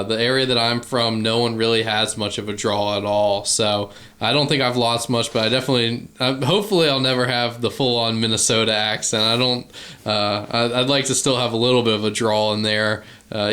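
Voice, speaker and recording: A man in his early twenties from Virginia with a light Virginian accent, a guest chatting in a relaxed, easygoing way. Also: on the low side, brisk. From Virginia, USA. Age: early 20s. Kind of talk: casual chat.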